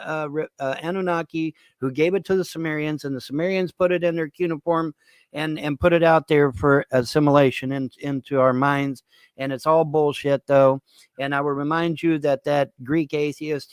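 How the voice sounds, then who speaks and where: A man hosting a show, ranting in profane, repetitive bursts with many halting fillers. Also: a little high, clear, resonant tone, dry recording. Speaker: host. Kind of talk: ranting commentary.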